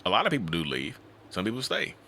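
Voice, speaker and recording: A man working as a relationship coach, telling stories in a casual interview in an animated, colloquial way. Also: low-pitched, fast talker, gravelly, slight background noise. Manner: animated storyteller who acts out quoted voices; colloquial, repeats 'you know'.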